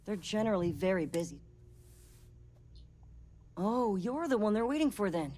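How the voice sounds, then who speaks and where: An actress playing a polite, officious resort receptionist in video game dialogue. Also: female voice, medium pitch, very animated, normal speed, darkish tone. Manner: prim and gatekeeping.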